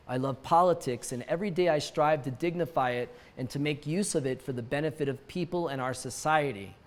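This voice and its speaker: A man hosting a satirical news show, reading stories and dropping wry jokes and chuckling asides. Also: mid-range voice. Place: lives in Mexico City.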